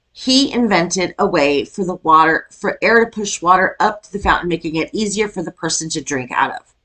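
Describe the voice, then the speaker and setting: A woman's voice: lowish voice, fairly bright tone. A middle-aged woman from Iowa, chatting casually as she reacts to a video and rants with laughs. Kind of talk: casual chat reacting to a clip.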